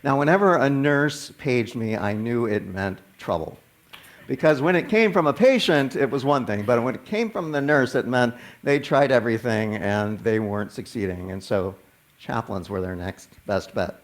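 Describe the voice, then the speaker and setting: A man's voice: medium pitch, moderate pace. Man, minister, conversational sermon, stammering restarts. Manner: conversational, animated when quoting others, frequent stammered restarts. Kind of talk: storytelling sermon.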